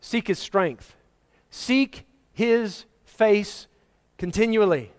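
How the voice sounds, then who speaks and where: Higher-voiced man preaching a story-filled sermon. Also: extremely slow, clean tone. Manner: animated storyteller, acting out quoted voices. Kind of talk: sermon with personal stories.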